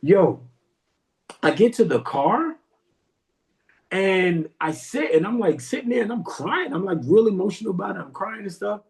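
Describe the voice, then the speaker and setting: A young man tells a story on his podcast in casual, slang-heavy talk. His voice sits fairly high and swings a lot, jumping up whenever he gets excited. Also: moderate pace, creaky, pauses often. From New York. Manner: animated, comic, slangy storyteller with excited pitch jumps. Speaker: podcast host.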